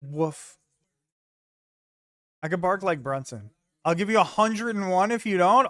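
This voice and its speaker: A man's voice: sits high, expressive, a little slow, pauses often, a bit bright, dry recording, studio quality. A man streaming from home, chatting loosely with his viewers, joking and swearing casually. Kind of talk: casual chat with live viewers.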